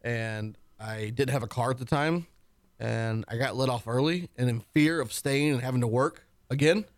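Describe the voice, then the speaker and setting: A man hosting a radio show, trading deadpan, teasing one-liners in casual banter. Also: medium pitch, normal speed, no room sound. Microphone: studio mic.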